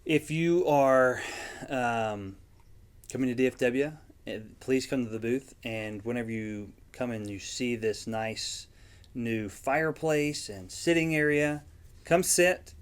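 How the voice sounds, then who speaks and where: A man's voice: medium pitch, steady tone, a little slow, clean tone. A man, a guest vendor in a casual interview, speaking in an easygoing, plain-spoken way with frequent ums. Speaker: yarn dyer and guest vendor.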